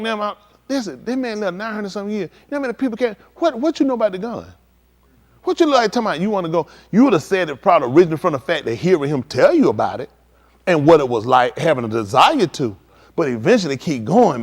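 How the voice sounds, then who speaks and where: A man preaching at a livestreamed scripture teaching, emphatic and slangy, firing rhetorical questions at his listeners. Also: on the high side. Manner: slangy street talk.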